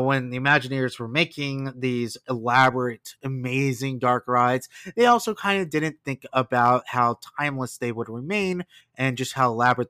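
Lively man hosting a podcast. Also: mid-range voice, no echo. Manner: animated storytelling with asides and laughs. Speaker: podcast host. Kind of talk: casual podcast narration.

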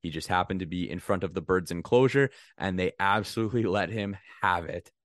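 A man with a low voice trades jokes on a casual podcast, laughing often and cursing freely. The sound is dry and close to the mic, with no room around it. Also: fairly quick, fairly bright tone, no echo. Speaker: podcast co-host.

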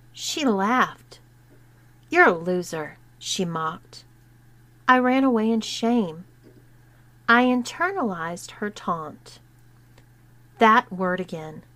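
A woman reading a first-person story aloud in a measured, scripted narration. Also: fairly high pitch, fairly bright tone, dry recording.

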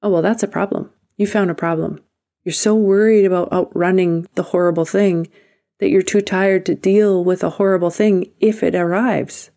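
Woman, podcast host, motivational, gravelly, low-pitched, unhurried, earnest. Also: steady tone, warm tone. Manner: earnest, emphatic, slow and deliberate with whispered emphases. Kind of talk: motivational self-help talk.

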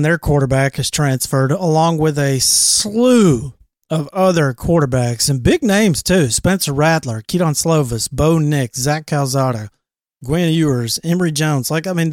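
A man's voice: fairly high pitch, no echo, studio quality. A man co-hosting a casual sports podcast, talking loosely with profanity and frequent laughs. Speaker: podcast co-host.

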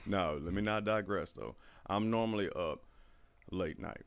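Brief: man, gravelly low voice, profane animated storyteller. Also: moderate pace. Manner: profane, animated storyteller who acts out quotes. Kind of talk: casual storytelling chat.

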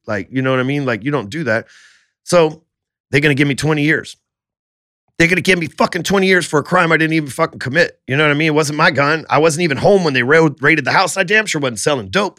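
A man telling his life story on a podcast in a profane, animated way. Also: mid-range voice, dry recording, clean studio sound.

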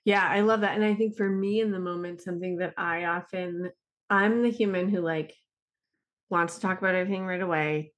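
A woman's voice: fairly low pitch, fairly bright tone. A middle-aged woman hosting a podcast, sharing a personal story in a chatty way with many fillers. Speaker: podcast host. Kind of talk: podcast interview.

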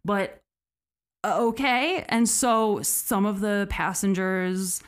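A woman's voice: mid-range voice, slow pace. A woman hosting a podcast, telling a true story in a casual, conversational way with frequent fillers. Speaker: podcast host.

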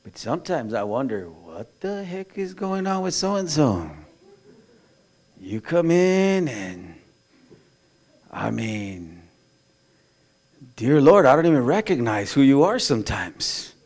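A man's voice: medium pitch, big pitch swings, slow pace, pauses often, a little mellow. A male pastor preaching a sermon in a blunt, folksy way, full of slang and asides. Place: church.

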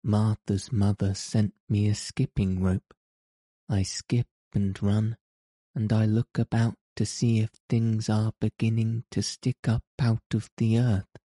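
A man's voice: fairly low pitch, level tone, takes it slowly, warm tone, no room sound, clean studio sound. A man voicing a timid, lonely little girl in an audiobook, with hesitant, stammering pleas. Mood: timid pleading. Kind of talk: audiobook character reading.

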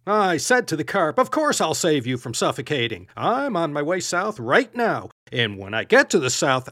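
A man's voice: a little high, fairly bright tone, dry recording, pitched above the performer's own voice. Figure: proud male sage of old tales. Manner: cold, pointed, sarcastic, read by a male narrator. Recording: dry and close. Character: proud wandering male philosopher, coldly sarcastic.

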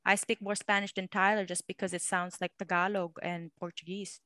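A woman's voice: mid-range voice, flat delivery, a little fast, sharp tone, no echo. A young woman from Macau co-hosting a casual podcast, rambling with many fillers. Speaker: podcast co-host.

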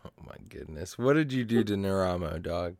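A man's voice: deep voice, lively intonation, moderate pace, darkish tone, no room sound, clean studio sound. A man co-hosting a casual gaming podcast, upbeat and joking as he chats and reads a sponsor spot. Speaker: podcast co-host.

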